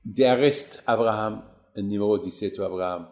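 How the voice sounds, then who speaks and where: Animated storytelling man. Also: brisk, echoey room. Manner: animated storyteller, acts out quotes with rising pitch. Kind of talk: Torah class storytelling.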